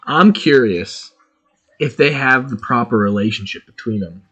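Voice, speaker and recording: Man, gaming stream chatter, casual, excitable, very animated pitch. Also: a little slow, slightly rough. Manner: chatty, excitable, thinking aloud while playing.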